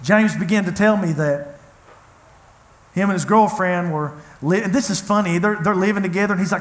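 A man's voice: high-pitched, a little fast. A man preaching a sermon, telling a personal story in an earnest, conversational way. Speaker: pastor. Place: church hall. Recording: echoey church room.

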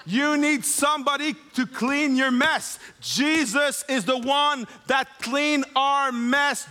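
Slow, high-voiced preaching man. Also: bright, forceful tone. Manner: emphatic, slow preaching with dramatic retold scenes. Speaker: pastor. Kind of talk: sermon.

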